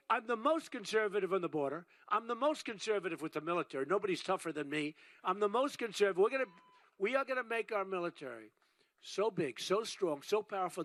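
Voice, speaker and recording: A man's voice: high voice, animated, quick pace, a bit bright, no echo. A male political candidate giving a campaign rally speech, rambling and boastful, repeating his points over and over.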